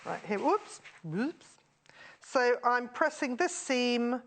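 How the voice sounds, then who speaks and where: A woman's voice: on the high side, sing-song, slow. A woman, a guest tutor on a live sewing show, who explains each step with enthusiasm and chats cheerfully with the host. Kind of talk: live studio sewing demonstration. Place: TV studio.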